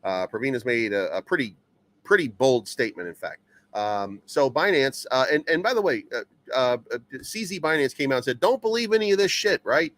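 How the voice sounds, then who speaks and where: A man's voice: medium pitch, lively intonation, normal speed, a bit bright, no echo. Rambling man stammering through crypto news. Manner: rambling, stammering repeats, many fillers. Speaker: crypto news channel host. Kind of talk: casual news commentary, reading headlines.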